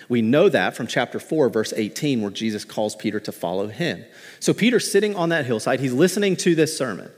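A man pastor preaching a sermon in a conversational, animated way, mixing in light humor, in a church. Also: medium pitch, big-room sound. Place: church sanctuary.

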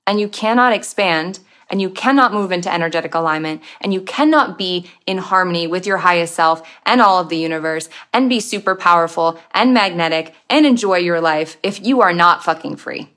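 A woman's voice: lowish voice, fairly quick, few pauses, a bit bright. A woman hosting a spiritual self-help podcast, talking candidly with swearing and acting out the thoughts in people's heads. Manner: candid, profane, acts out inner voices. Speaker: podcast host.

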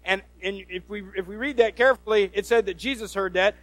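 A man preaching a sermon as a pastor, folksy and animated, with many restarts. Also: sits high, a little fast, no echo.

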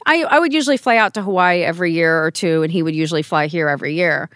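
A woman's voice: on the low side, fast, a bit bright, no echo, rough recording. A middle-aged woman, a podcast guest, telling personal family stories in a casual, emotional way, with frequent restarts. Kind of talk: casual conversational storytelling.

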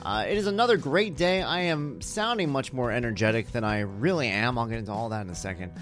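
A man in his thirties hosts his own podcast, rambling casually with self-deprecating jokes while sounding tired. His medium-pitched voice is lively, quick and fairly bright, with soft music in the background.

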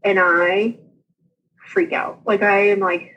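A woman, a podcast guest candidly retelling her own experience with lively asides. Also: mid-range voice, slow, slightly rough, dull audio. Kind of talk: casual storytelling interview.

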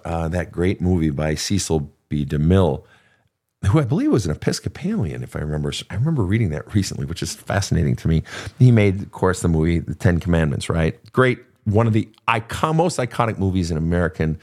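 An older man with a lowish voice hosts an advice show, and his pitch swings widely as he talks. He speaks casually and swears freely, slipping into quick acted quotes from clients as he makes his points. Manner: animated, profane, storytelling with acted quotes. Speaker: podcast host and therapist.

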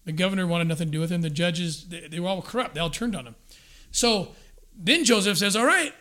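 A man explaining history in a lively conversational way, acting out quotes with frequent restarts. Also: sits high, quick pace. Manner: energetic storyteller, acts out quotes with restarts. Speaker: guest discussing scripture and history.

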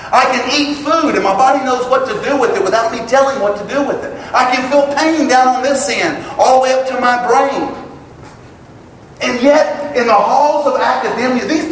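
Preacher booming in an echoey hall. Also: male voice, far from the mic, slight background noise. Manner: emphatic, rising to loud exclamations. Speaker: pastor. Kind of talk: sermon. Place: church sanctuary. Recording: echoey hall, picked up from afar.

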